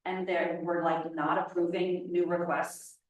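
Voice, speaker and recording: A woman with a lower voice chimes in casually from the audience at a workshop. She sounds distant from the mic, and the room adds a heavy echo. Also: flat delivery, unhurried, dull audio. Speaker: workshop attendee. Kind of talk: audience comment. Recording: echoey room, voice from far off.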